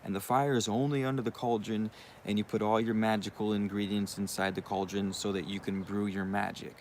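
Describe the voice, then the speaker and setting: A man's voice: on the low side, flat delivery, fairly quick, darkish tone, slight background noise. A young man hosting his own channel, talking in a rambling, casual monologue with frequent swearing and asides. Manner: profane, rambling, uses you know what I mean often. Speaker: channel host.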